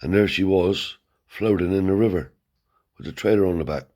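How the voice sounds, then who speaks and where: A man with a very low, husky voice tells a rough-edged tale from his past. He talks bluntly and swears freely, seated as he spins the story. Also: moderate pace. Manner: blunt, swears heavily, animated yarn-spinning. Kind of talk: casual spoken storytelling. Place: seated indoors.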